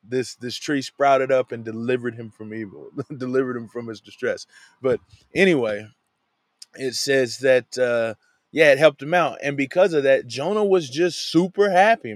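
In a dry recording, a van-dwelling man with a mid-range voice leads a casual Bible study, explaining a passage conversationally and sprinkling in "man" and "you know what I'm saying" often.

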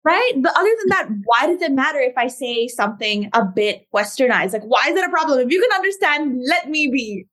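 A young woman with an American accent, chatting animatedly and emphatically on a podcast. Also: high-pitched. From United States. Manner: animated, emphatic, quick asides. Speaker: podcast co-host. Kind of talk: casual chat.

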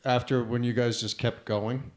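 A man's voice: medium pitch, level tone, moderate pace. Rambling man hosting a casual chat. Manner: loose and rambling, many restarts. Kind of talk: casual conversation.

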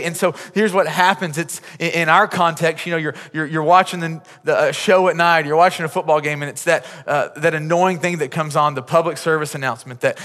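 Earnest pastor preaching in a reverberant hall. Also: male voice, on the high side, fairly bright tone. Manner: earnest, pleading, repeats words when building a point. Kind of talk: sermon. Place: large church auditorium. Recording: long hall reverb from the sanctuary.

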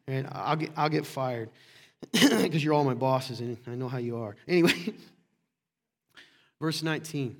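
A man's voice: mid-range voice, measured pace, long pauses. A male pastor preaching a sermon to a congregation in a conversational way, firing off rhetorical questions and joking asides. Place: church room with congregation.

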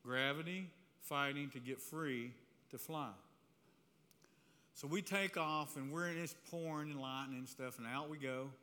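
Man preaching a testimony, animated and conversational, fairly high voice, long hall reverb. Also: a little slow. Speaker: speaker giving a testimony. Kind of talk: sermon-style testimony storytelling. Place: church hall with a live audience. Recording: reverberant hall, faint room noise.

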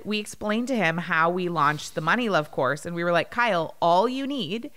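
A woman in her thirties co-hosting a podcast, chatting casually and telling stories with lively quoted voices. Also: mid-range voice. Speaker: podcast co-host. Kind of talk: casual chat.

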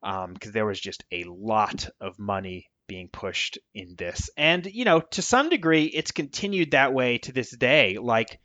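An American man, an author guest in a casual interview, talking in an animated, digressive way. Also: medium pitch, unhurried, hardly any pauses, dry recording, muffled recording.

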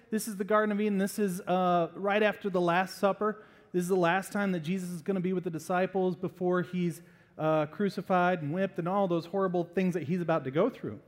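A man preaching a sermon as pastor, animated and acting out little voices to make a point. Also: high voice, in a large hall.

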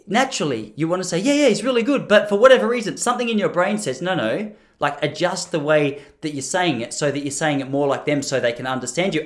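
An Australian man chatting straight to camera in a loose, rambling vlog. His pitch swings widely as he jokes at his own expense and trips over his own restarts. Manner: rambling, jokey and self-deprecating, full of restarts. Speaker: vlogger. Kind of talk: casual to-camera monologue.

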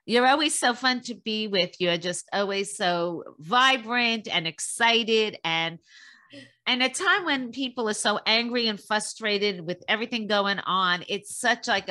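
Woman hosting a podcast, bright voice, gushes over her guest. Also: mid-range voice. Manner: effusive and praising. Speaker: podcast host. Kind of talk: casual interview.

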